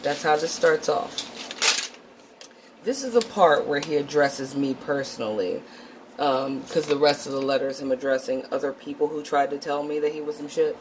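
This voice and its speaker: A woman's voice: low voice, normal speed, long pauses, a little hiss or hum, poor audio. A woman hosting a casual vlog, talking bluntly and profanely with lots of fillers. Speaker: channel host.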